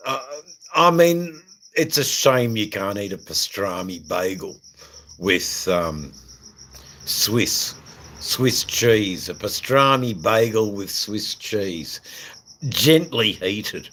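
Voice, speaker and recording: A man's voice: on the low side, animated, slow, fairly bright tone, rough recording. A middle-aged Australian man hosting a casual livestream, rambling and joking crudely to his viewers with many fillers. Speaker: livestream host. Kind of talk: casual livestream chat reading viewer comments.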